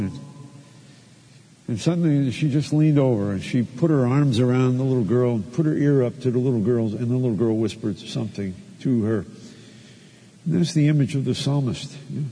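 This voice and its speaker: A man preaches in a church with a long, lingering reverb around his voice. His tone is mellow and slightly husky, and he tells his stories with lively animation before settling into prayer. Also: medium pitch, moderate pace. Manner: storytelling, acts out his own raised voice in quoted arguments. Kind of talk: sermon with personal anecdote.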